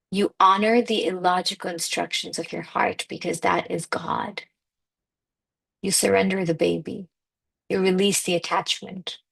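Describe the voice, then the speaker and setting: A woman's voice: lowish voice, gravelly. Emphatic woman giving a spiritual pep talk. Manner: emphatic, conversational, peppered with "like". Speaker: manifestation coach.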